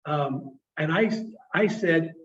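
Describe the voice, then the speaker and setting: Man telling a story, halting. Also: a little high, fairly bright tone. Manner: halting, repeats words, voices quoted people. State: emotional, choked up at times. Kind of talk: storytelling presentation. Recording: distant, dull lo-fi sound.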